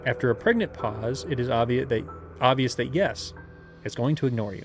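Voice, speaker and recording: A man's voice: mid-range voice, brisk, music in the background. A man reading a gamebook aloud as game master, with playful asides and laughter.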